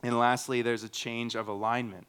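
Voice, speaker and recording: A man's voice: medium pitch, level tone, moderate pace, fairly bright tone, clean tone. A man in his thirties preaching a sermon in an earnest, conversational way, with humorous asides. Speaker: pastor.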